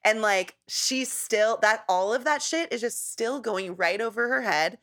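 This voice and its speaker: A woman's voice: on the high side, a little slow, fairly bright tone. A woman co-hosting a podcast, chatting casually about a reality show and laughing often. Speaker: podcast co-host.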